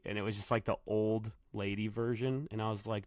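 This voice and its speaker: Man host, casual profane storyteller, smooth clear tone, dry close sound. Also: fairly low pitch, little pitch movement, fairly quick, few pauses, dry recording. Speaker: podcast host, bartender. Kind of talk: casual solo podcast monologue. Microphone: computer microphone.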